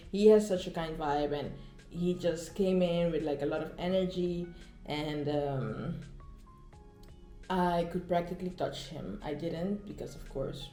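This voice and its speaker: A woman's voice: lowish voice, warm tone, roomy sound. A woman vlogger chatting casually outdoors, telling a concert story with many fillers and acted-out quotes, recorded on a phone. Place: outdoors, walking in the Netherlands.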